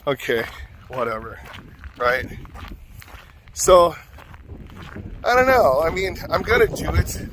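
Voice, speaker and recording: A man's voice: on the high side, sing-song, a little slow, pauses often, fairly bright tone, a little hiss or hum. A man vlogging, telling a rambling, self-mocking story full of fillers.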